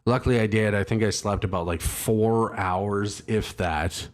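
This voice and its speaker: A man with a lowish voice chats casually to a live audience. He rambles through an anecdote, swearing freely and poking fun at himself. His delivery is loose and conversational. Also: steady tone, measured pace. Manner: rambling, profane and self-mocking, with laughs. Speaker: livestream host. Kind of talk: casual storytelling to a live chat.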